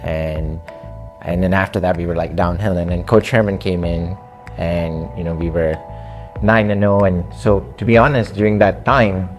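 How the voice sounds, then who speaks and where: A man with an accent telling his story to a coach in an earnest, halting conversational way, with frequent fillers. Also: low voice, steady tone, faint music behind. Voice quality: speaks with an accent. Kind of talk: casual conversation.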